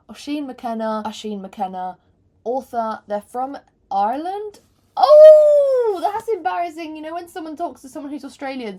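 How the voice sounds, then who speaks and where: A woman's voice: mid-range voice, dark tone. A woman in her twenties talking casually to camera from her bedroom floor as a book vlogger, rambling, joking at her own expense and swearing freely. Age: 20s. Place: bedroom floor, hot room.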